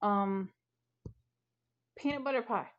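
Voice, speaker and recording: A woman's voice: medium pitch, slow. A woman, chatting casually and rambling to her viewers from home. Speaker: vlogger. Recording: slightly muffled home recording.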